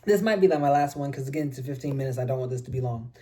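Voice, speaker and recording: A woman's voice: very deep voice, very fast, few pauses, mellow, slight background noise. A woman chatting casually in a book review vlog, reading passages aloud and teasing herself as she goes. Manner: chatty and self-deprecating, reads passages aloud.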